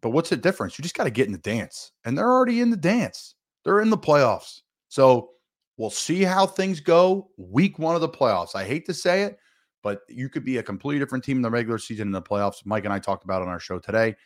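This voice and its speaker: A man who once played pro football, talking as a guest on a sports radio show and stressing his points with big jumps in pitch. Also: lively intonation, fast talker. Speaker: guest, former NFL player. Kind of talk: casual sports radio talk.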